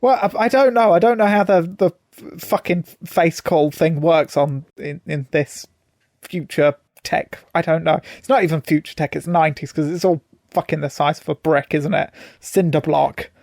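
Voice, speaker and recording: A man's voice: fairly high pitch, steady tone, moderate pace, gravelly, a little mellow, dry recording, studio quality. A man co-hosting a podcast, chatting casually and sarcastically, swearing as he goes. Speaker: podcast co-host. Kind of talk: casual chat.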